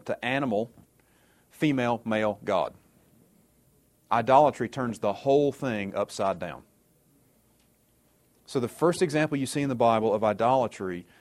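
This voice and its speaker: A man's voice: mid-range voice, a little mellow. A man teaching a sermon in a conversational way, often checking in with his listeners and adding sarcastic asides. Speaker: Bible teacher.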